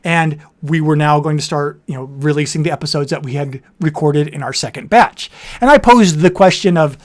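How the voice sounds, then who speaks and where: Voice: medium pitch, normal speed. A livestream host of a board game show, chatting casually and rambling with frequent self-corrections. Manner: says their voice turns nasal on camera.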